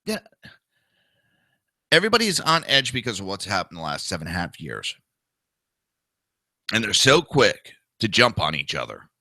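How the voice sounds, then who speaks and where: A man's voice: lowish voice, wildly swooping pitch, normal speed, long pauses, bright, forceful tone, no room sound. A man with a New Jersey accent, hosting a political talk show and ranting in a blunt, crude, combative monologue. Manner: blunt, crude and combative, mocking with whiny impressions. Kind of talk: opinionated monologue.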